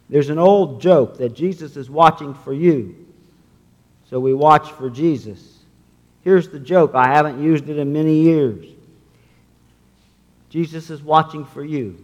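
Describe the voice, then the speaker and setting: Male pastor, sermon, slow and measured, slightly high voice. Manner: measured, scripture-reading. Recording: long reverb in a sanctuary.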